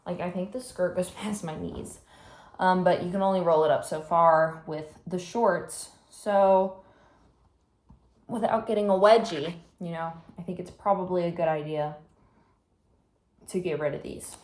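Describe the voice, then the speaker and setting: Teen girl vlogger, relaxed unhurried storytelling, lots of "like", roomy echo. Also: fairly low pitch. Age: teens. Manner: chatty storytelling with many fillers. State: slightly out of breath. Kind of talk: casual vlog chat.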